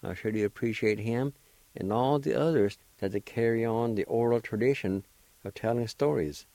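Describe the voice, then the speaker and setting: A middle-aged man hosting a radio show, introducing a story in a relaxed, chatty way. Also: medium pitch, normal speed, dry recording. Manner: relaxed, chatty, gives friendly advice.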